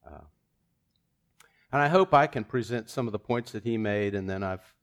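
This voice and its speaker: A man's voice: fairly low pitch, moderate pace. A man preaching a sermon in church, casual and self-deprecating, with chuckling asides and a joke woven in.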